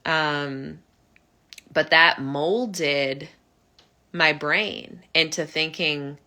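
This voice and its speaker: A young woman telling her own recovery story in an earnest, heartfelt monologue, often halting and restarting. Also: deep voice, fairly even intonation, pushed and bright. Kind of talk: personal reflective monologue.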